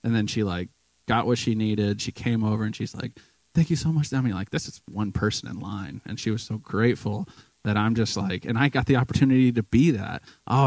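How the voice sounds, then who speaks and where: Male speaker, low and gravelly, chatty storyteller who does the voices of the people in his stories. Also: no echo, low-quality recording. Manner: storytelling, acts out quoted people. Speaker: guest speaker at church. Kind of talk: casual testimony sermon. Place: church sanctuary.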